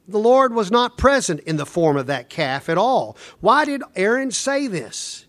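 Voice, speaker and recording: A man preaching a sermon, retelling a scripture story with repetition and dropping his voice low when reading verses. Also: lively intonation, moderate pace, hardly any pauses.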